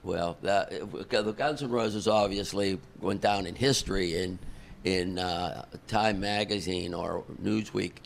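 A man, a concert promoter guest on a podcast, telling an animated story and acting out the dialogue. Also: low voice, takes it slowly, vocal fry, a little hiss or hum. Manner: animated, chuckles through the story, acts out dialogue.

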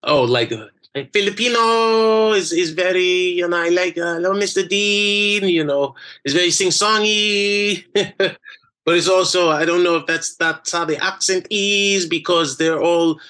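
A middle-aged man, an excitable interview guest who talks in quick restarts and slips into impressions of other voices. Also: high-pitched, smooth.

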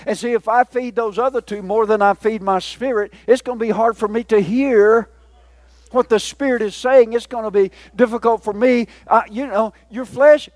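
A man preaching a sermon, teasing his listeners as he goes. His voice sits high for a man. The sound is dry and close, with no room echo. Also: normal speed. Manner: folksy, joking with the congregation. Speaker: pastor.

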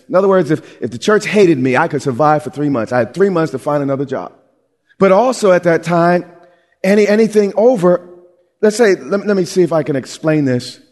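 A middle-aged man preaching a sermon as pastor, animated and conversational, often restarting his sentences. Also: a little high, in a large hall.

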